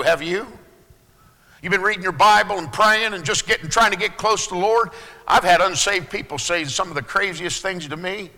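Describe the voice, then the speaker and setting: Man, pastor preaching, high voice, piercing bright tone, loud then hushed, long hall reverb. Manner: swings between loud preaching and hushed low asides. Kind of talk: sermon.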